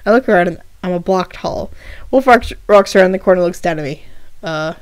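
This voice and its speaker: Lady reading her own story out loud, kinda low voice, dry close sound, stops to fix words. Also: fast talker, dry recording. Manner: reads aloud with small restarts and asides. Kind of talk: first-person story reading with voiced dialogue.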